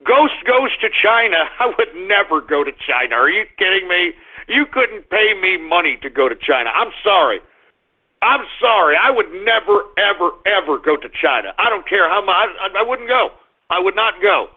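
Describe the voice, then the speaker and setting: A man's voice: high-pitched, big pitch swings, normal speed. A man hosting a live radio show, griping and blustering at his listeners. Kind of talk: live call-in radio rant. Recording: tinny phone-like sound.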